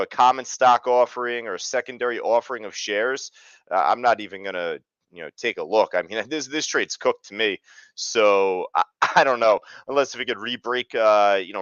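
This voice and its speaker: A man's voice: on the low side, a bit bright, no echo, highs cut off. A man hosting a live trading webinar, talking casually with lots of fillers. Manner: casual, chatty, many fillers. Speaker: trading room host.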